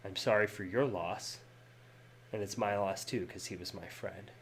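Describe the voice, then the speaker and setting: A man doing a soft, sorrowful fatalistic guide. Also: on the low side, steady tone, slight background noise, natural voice. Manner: soft, halting, apologetic.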